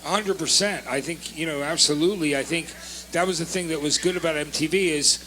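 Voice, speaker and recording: A man on a live panel, excitable, loud and emphatic. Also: fairly high pitch, fairly quick, a little hiss or hum, low-quality recording. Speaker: panelist, former music TV host. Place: live expo panel stage.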